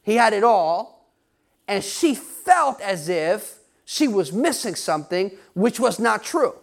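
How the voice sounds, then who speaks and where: A man's voice: sits high, big pitch swings, slow pace. Emphatic preaching man. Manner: emphatic preaching with rising stresses and laughs; talks straight to the congregation, asks questions. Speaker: pastor. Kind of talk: sermon.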